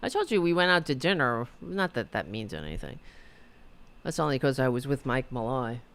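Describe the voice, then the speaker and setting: At normal speed, her extremely low voice rises and falls widely. The middle-aged woman runs a rambling, self-deprecating talk show from her apartment and reads viewer chat aloud.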